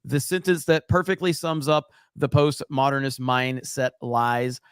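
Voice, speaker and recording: A man's voice: mid-range voice, little pitch movement, a little slow, clean tone, no room sound, clean studio sound. A man from Alabama, co-hosting a livestream and chatting casually, swearing freely and reading out viewer comments. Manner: loose, profane, reads chat aloud. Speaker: livestream co-host. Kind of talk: casual profane stream chat.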